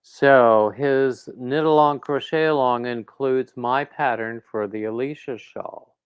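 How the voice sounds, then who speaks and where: A man's voice: medium pitch, steady tone, takes it slowly, clear, resonant tone, dry recording, highs cut off. A man hosting a crafting livestream, rambling casually and reading out viewer comments. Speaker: crochet livestream host.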